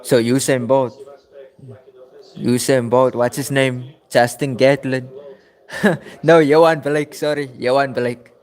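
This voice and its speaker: A man's voice: medium pitch, fairly even intonation, takes it slowly. A young South African man hosting a football watchalong livestream, chatting casually and calling out viewers by name. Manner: chatty, addresses viewers by name, repeats phrases. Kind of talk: casual livestream chat reading chat messages.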